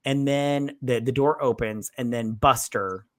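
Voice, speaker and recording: A man's voice: mid-range voice, fairly even intonation, unhurried, no room sound. A man co-hosting a casual movie-review podcast, rambling, swearing, and acting out the scenes in voices. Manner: rambling, profane, acts out characters in voices. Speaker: podcast co-host. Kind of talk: casual drunk movie recap.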